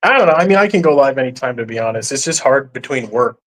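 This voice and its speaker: A man's voice: medium pitch, lively intonation, quick pace, fairly bright tone. A man who moderates the channel, chatting casually and joking as a guest on a live stream.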